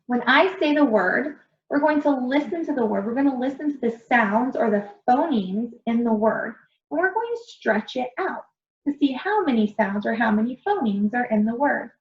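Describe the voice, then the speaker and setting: A woman as a patient phonics teacher, slightly high voice, roomy and dull-sounding recording. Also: expressive. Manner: slow, patient, encouraging, stretches out sounds. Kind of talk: early reading lesson for young children.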